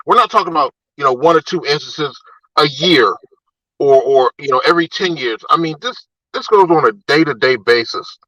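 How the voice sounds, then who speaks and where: A man ranting in a casual chat, animated and exasperated. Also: fairly high pitch, moderate pace, no room sound, highs cut off.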